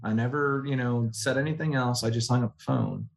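A man's voice: mid-range voice, fairly quick, vocal fry. A man from the United States, an army veteran guest telling personal stories in a conversational interview, with many fillers and acted-out quotes. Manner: animated storyteller, many fillers, acts out quoted voices. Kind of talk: conversational storytelling.

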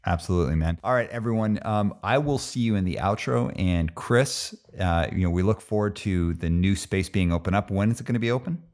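Middle-aged male podcast host, low gravelly voice, easygoing and casual. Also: fairly quick, hardly any pauses, darkish tone. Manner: easygoing, loose, lots of fillers. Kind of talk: casual interview chat.

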